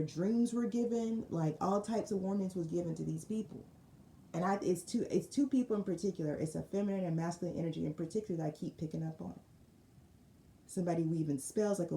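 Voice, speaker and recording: Woman doing a tarot reading, mellow low voice, chatty and slangy, echoey room. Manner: animated storytelling, slangy, repeats phrases. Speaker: tarot reader. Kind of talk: casual spiritual tarot reading.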